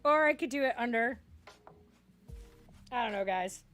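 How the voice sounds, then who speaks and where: A woman's voice: a little high, lively intonation, unhurried, fairly bright tone, faint music behind. A woman streamer chatting casually on a headset, bubbly and giggly. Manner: bubbly and giggly, self-deprecating. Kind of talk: casual live-stream chat.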